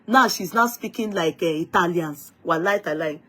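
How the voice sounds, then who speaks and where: A woman with a Nigerian accent telling a story to her viewers in a lively, dramatic way, slipping into Yoruba phrases. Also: on the low side, brisk, a little hiss or hum. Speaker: vlogger.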